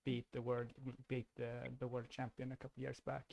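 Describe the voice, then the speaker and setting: A man's voice: medium pitch, monotone, normal speed, gravelly, a little mellow, dry recording. A man giving casual commentary on an online card game, thinking aloud, restarting his sentences and laughing easily.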